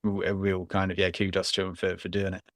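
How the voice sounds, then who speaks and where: A low-pitched male voice, completely flat and fairly quick, belongs to a podcast co-host going on casually and at length about a film. He often restarts his sentences and chuckles a bit, and the sound is clean studio audio with no room sound.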